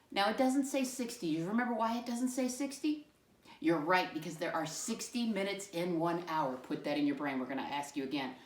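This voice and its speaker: A woman teaching young children, asking patient, sing-song questions. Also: low voice. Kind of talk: classroom lesson for young children. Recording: echoey room, mic far off.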